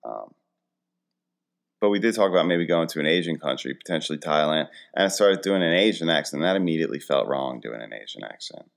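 Man in his forties, very low voice, chatty host, rambling, self-mocking stories. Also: animated, brisk, gravelly. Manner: rambling, self-deprecating storytelling. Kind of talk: casual comedic monologue.

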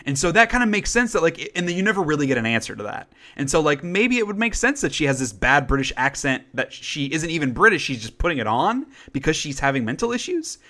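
Chatty man with a bright voice. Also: fairly high pitch, very animated, quick pace, hardly any pauses. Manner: chatty, rambling, with frequent fillers and restarts. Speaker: podcast co-host. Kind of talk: casual chat reviewing movies.

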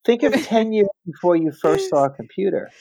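Animated storytelling man in his fifties. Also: sits high, fairly quick, creaky, dry recording. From New Jersey. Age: 50s. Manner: animated, gossipy anecdotes with playful asides. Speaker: celebrity stylist, podcast guest. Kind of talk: casual interview storytelling.

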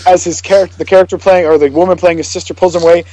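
A man's voice: high voice, racing, no echo, poor audio. A man co-hosting a casual podcast chat, retelling comedy film scenes with energy and acting out the lines. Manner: animated storytelling, quoting film lines in put-on voices. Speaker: podcast co-host.

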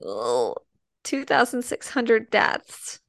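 A woman's voice: a little high, wildly swooping pitch, slow, gravelly, fairly bright tone, no echo. A woman from the American Midwest co-hosting a podcast in casual chat, squeamish and full of fillers. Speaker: podcast co-host.

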